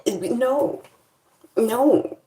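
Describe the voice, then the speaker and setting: A woman's voice: a little high, very slow, dark tone, reverberant, a little hiss or hum. A woman vlogger in casual chat, complaining in a playful, dramatic way.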